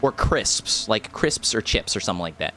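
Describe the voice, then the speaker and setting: This man's lowish voice is very animated, bright, and forceful, moving at a normal speed. He's a streamer from rural America, joking with chat and rambling as he gives casual commentary on a live game, with faint music playing behind.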